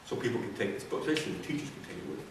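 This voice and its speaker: A middle-aged man from Texas, his low voice telling stories to an audience. He acts out quotes as he goes, and the sound comes from far away across a very echoey room, with clear noise underneath. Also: very fast. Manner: animated anecdotes with acted quotes and laughter. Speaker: presenter. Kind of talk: storytelling talk to an audience. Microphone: distant room mic.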